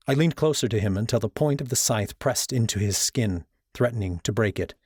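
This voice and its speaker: Low-voiced male audiobook narrator. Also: animated, fairly quick, hardly any pauses, darkish tone, slightly rough, no echo, clean studio sound. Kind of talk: first-person fiction narration.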